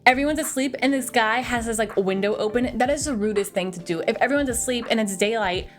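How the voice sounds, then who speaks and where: A woman's voice: fairly high pitch, fast. A young woman chatting casually through a film review, gushing and chatty, with a lot of "like". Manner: gushing, chatty, heavy use of "like".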